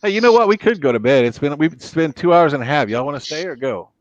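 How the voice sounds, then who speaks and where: Lively, jokey stream host, male. Dry, muffled sound. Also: fairly high pitch, fast talker, dry recording. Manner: animated, jokey, laughs easily. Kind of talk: casual chat.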